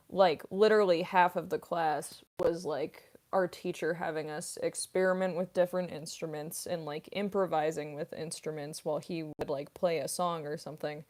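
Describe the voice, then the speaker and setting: Giggly young woman with a lower voice. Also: darkish tone. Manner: rambling, frequent "like" fillers, giggly. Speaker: voice actress and streamer. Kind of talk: casual livestream Q&A chat.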